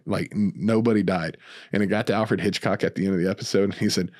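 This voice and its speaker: A man's voice: fairly low pitch, fast, no room sound, studio quality. A man co-hosting a podcast in casual chat, joking and laughing a lot and dropping into silly impressions. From United States. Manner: animated, joking, does bad impressions, laughs often. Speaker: podcast co-host.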